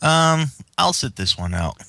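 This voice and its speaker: A man's voice: fairly high pitch, big pitch swings, unhurried, vocal fry, sharp tone, no room sound. A laid-back man co-hosting a casual podcast chat. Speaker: podcast co-host.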